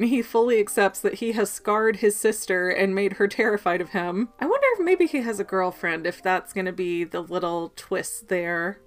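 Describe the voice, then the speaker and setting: A woman recapping and commenting on a book chapter in a casual, animated way, briefly mimicking characters as she goes. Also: mid-range voice. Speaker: book discussion podcaster.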